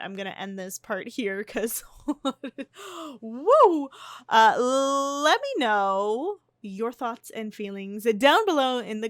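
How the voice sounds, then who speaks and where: A woman's voice: medium pitch, fairly bright tone, dry recording. A young woman giving casual, chatty gameplay commentary, often restarting and gasping. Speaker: life-sim gameplay narrator. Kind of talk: casual let's-play commentary.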